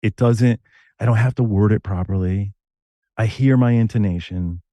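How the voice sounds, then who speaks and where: This lowish-voiced middle-aged man, a Connecticut screenwriter and novelist, recounts stories as an interview guest, speaking in quick, animated spurts. The conversation is casual and the recording has no room sound.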